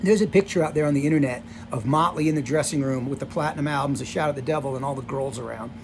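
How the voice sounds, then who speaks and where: A man's voice: medium pitch, fast talker, vocal fry, darkish tone, slight background noise. A man in his sixties casually telling stories from his past on camera, rambling and full of "you know" and "like". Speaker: vlogger telling rock-tour stories. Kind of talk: casual storytelling.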